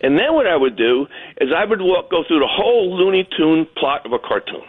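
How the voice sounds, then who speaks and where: A man's voice: fairly high pitch, big pitch swings, fairly quick. A man calling in to a radio show, telling jokey stories and acting out voices. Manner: jokey storyteller, acts out voices. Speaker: caller. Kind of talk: phoned-in storytelling. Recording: tinny phone line.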